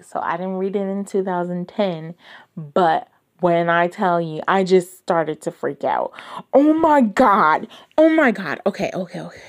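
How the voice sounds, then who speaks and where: A woman chatting casually about books, gushing and excitable, with breathless exclamations and hushed asides. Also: fairly low pitch. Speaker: book vlogger. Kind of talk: casual chat.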